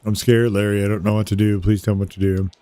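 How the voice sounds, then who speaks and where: Scared confused young man, read by a man, flat low-key delivery, dry sound. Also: fast, dry recording, close to an everyday voice. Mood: panicked. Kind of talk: reading game dialogue aloud.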